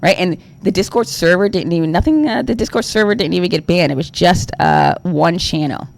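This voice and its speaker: A man's voice: sits high, big pitch swings, fairly quick, creaky. A young adult man talking on a livestream, exasperated and rambling, full of fillers and swearing. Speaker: streamer. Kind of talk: ranting livestream talk.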